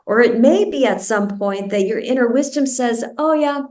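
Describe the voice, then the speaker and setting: A woman meditation teacher guiding a group through a breathing practice, speaking slowly and deliberately, over a video call. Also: on the high side, a little mellow. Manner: slow, deliberate, soothing instruction. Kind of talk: guided meditation instruction. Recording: roomy and distant from the mic.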